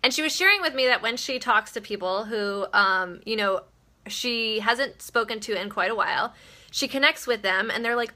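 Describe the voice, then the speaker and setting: A woman's voice: fairly high pitch, normal speed, sharp tone. A woman hosting her daily live video, giving casual motivational talk in a chatty, blunt way, swearing freely and laughing often.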